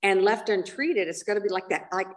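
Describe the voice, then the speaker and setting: A woman's voice: medium pitch, a little fast. An older woman candidly telling her own story at a recovery meeting, rambling and self-mocking, with many fillers and asides. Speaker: speaker sharing at a recovery meeting. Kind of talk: candid personal testimony. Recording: voice picked up from a distance.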